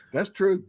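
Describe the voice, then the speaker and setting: Male host, jokey, loud laugher, animated delivery. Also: high-pitched. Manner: joking, laughs loudly. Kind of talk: casual livestream chat.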